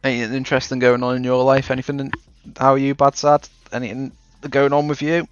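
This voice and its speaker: A man's voice: mid-range voice, little pitch movement, quick pace, no room sound, soft background music. A young man with a Scouse accent chatting casually while streaming a game, rambling and cutting himself off mid-sentence. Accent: Liverpool (Scouse). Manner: rambling, chatty, self-interrupting. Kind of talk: casual chat while gaming. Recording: dull dry stream audio.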